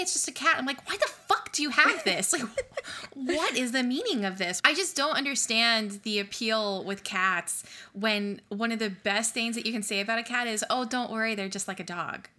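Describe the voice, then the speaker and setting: A woman co-hosting a podcast, chatting casually and telling animated, blunt stories with some swearing. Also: mid-range voice. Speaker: podcast co-host. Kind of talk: casual chat.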